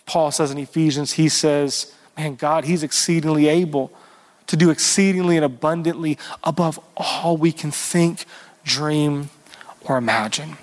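Male pastor mid-sermon, slightly raised pitch, leans on words and asks the room for amens; long hall echo. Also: fairly even intonation. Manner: earnest, drawn-out emphasis on key words; asks the congregation for responses. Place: church service.

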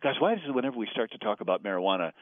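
A man's voice: fairly low pitch, dry recording. Hyper man on a tinny phone line. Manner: hyper, animated, quick to laugh. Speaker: radio host calling in as a guest. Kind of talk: casual radio chat over the phone. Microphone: telephone.

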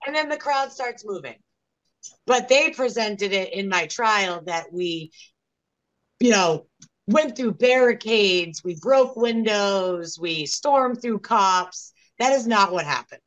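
A woman's voice: mid-range voice, fairly bright tone, poor audio. A young woman giving an interview, telling her story in an earnest, aggrieved way. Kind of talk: casual interview.

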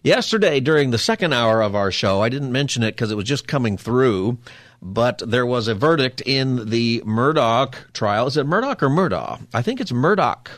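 A man hosting a radio talk show, chatting quickly and casually with jokey asides into a studio microphone. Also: mid-range voice, lively intonation, a bit bright, dry recording.

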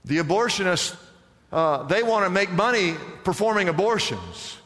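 A man's voice: high voice, animated, moderate pace, a bit bright, in a large hall. A man preaching a sermon as pastor, emphatic and firing off rhetorical questions to the congregation.

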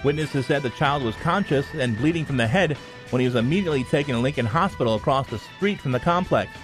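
A male radio anchor reading the news, traffic and weather in a steady scripted delivery. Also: mid-range voice, fast, over music.

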